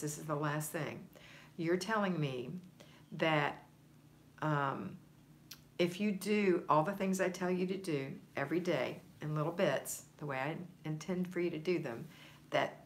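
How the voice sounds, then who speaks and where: Low-voiced woman coaching on a livestream. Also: slight background noise. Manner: encouraging, conversational, coaching tone. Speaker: home organizing coach. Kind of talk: livestream chat reading viewer comments.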